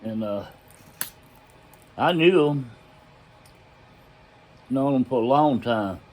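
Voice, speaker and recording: A man's voice: medium pitch, expressive, slow, a little mellow. An older man telling a story about his own past in a casual, folksy way. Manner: folksy drawl, loose grammar, chuckles as he tells it.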